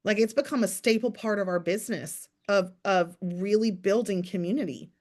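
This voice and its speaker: A woman's voice: mid-range voice, normal speed, a little mellow. A woman leading a morning business call, giving casual motivational talk in a chatty, direct coaching way and turning to listeners by name. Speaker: team leader hosting a morning business call. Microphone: video call.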